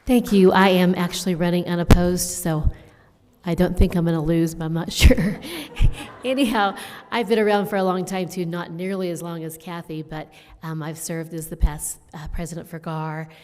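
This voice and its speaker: Woman, lowish monotone voice, light-hearted candidate remarks, hall echo. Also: normal speed, a little hiss or hum. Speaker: candidate for vice president. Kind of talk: short campaign speech. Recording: reverberant hall.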